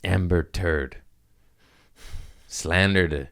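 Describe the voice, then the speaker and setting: Profane rambling comedian, deep voice. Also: male voice, measured pace, clean tone. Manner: rambling, profane, laughs at own jokes. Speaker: comedian podcast host. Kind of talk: casual comedic monologue.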